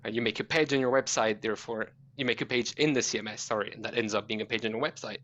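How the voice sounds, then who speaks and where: A man from Europe with a slight British accent, explaining a tech concept fluently as a podcast guest, with quick self-corrections. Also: lowish voice, steady tone, a bit bright, highs cut off.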